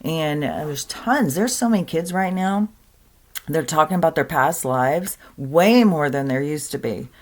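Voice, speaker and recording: A woman's voice: low-pitched, animated, unhurried, darkish tone. A woman giving an earnest, rambling spiritual monologue to camera, full of fillers and restarts. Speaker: spiritual content creator.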